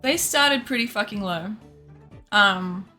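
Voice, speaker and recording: A woman streamer casually telling her chat a story, animated and laughing often, acting out what others said and swearing freely. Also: mid-range voice, slow. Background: faint background music.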